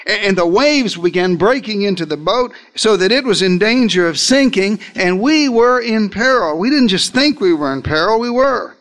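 Delivering dramatic sermon storytelling, the preacher speaks with lively intonation and a somewhat bright voice at a moderate pace, rarely pausing. He narrates as an eyewitness, talks straight to the congregation, and varies his pitch and speed for effect.

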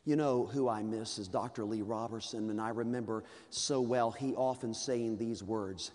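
A man's voice: fairly low pitch, fairly even intonation, normal speed, few pauses, a little mellow, a little hiss or hum. A man preaching a sermon in a folksy, humorous, conversational way, from a church sanctuary. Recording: long reverb of a large hall.

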